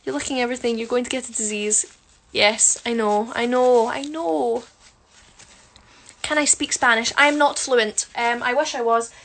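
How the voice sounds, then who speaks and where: High-voiced chatty young woman. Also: fairly even intonation, normal speed, slight background noise. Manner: chatty, switches between murmured asides and bright bursts, frequent ums. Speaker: musical theatre performer on a live stream. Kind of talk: casual livestream chat reading comments. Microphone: phone camera close up.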